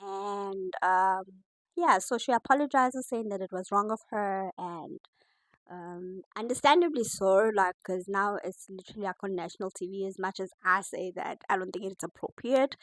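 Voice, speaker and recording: A woman chatting her way through a reality TV review, animated and laughing often. Her voice sits at a middling pitch and is recorded close and dry, with no room sound. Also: moderate pace, no room sound, rough recording. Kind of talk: casual reaction commentary.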